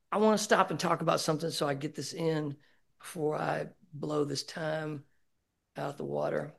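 A man speaking candidly at a recovery meeting, sharing his personal story with many halting fillers. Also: a little high, steady tone, vocal fry, slightly rough. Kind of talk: personal testimony.

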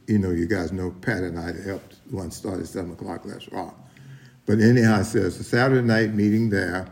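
A man's voice: on the low side, a little mellow. A middle-aged man sharing his story at a recovery meeting, rambling with many restarts and talking straight to the room. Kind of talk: personal testimony at a meeting.

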